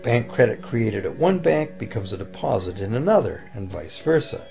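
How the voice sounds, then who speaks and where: A man giving a calm, explanatory scripted narration for a documentary. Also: mid-range voice, moderate pace, gravelly. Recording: voice-over with faint music behind.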